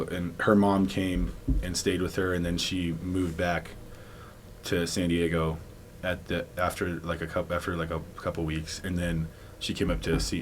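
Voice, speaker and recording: A man's voice: low-pitched, a little hiss or hum. A young man, a former football player, casually recounting his career as a podcast guest, rambling with many likes and restarts and laughing often. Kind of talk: casual storytelling interview.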